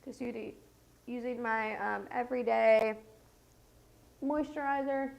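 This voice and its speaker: Congested woman, slow gravelly chat. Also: a little high, fairly even intonation. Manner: rambling, filler-heavy, talks while doing makeup. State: congested, stuffed-up and scratchy voice. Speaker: makeup livestream host. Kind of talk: casual get-ready-with-me chat. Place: home set.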